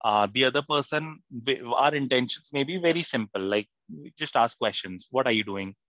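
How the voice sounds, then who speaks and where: A man's voice: mid-range voice, moderate pace, a bit bright, dry recording, muffled recording. A man teaching an online writing class, hesitant and full of fillers and restarts, often putting questions to his students. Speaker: content writing instructor. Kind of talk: live online class lecture. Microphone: online class mic.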